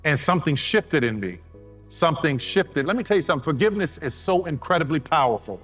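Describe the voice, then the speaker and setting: A man's voice: fairly high pitch, animated, quick pace, a bit bright, faint music behind. Man giving an emphatic motivational speech. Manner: emphatic, repeats key words for effect; storytelling, sermon-like delivery. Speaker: motivational speaker.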